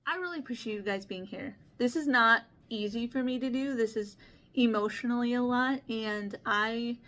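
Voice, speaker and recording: A woman's voice: fairly high pitch, normal speed, fairly bright tone. Lisping woman chatting about board games. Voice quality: lisp. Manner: rambling and chatty with restarts and small stutters; shy and earnest, laughs often. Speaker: board game channel host. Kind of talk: casual vlog talk showing games to camera.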